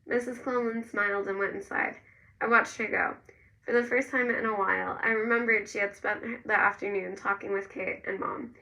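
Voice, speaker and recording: A woman narrating a first-person novel in a gentle storytelling manner. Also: mid-range voice, fairly even intonation, moderate pace, creaky, recorded from a distance, rough recording. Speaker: audiobook narrator.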